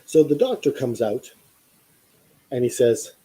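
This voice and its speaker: A man's voice: mid-range voice, big pitch swings, unhurried, mellow, slightly rough, low-quality recording. A man hosting a podcast, telling a long story in a casual, rambling way with many fillers and restarts. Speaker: podcast host.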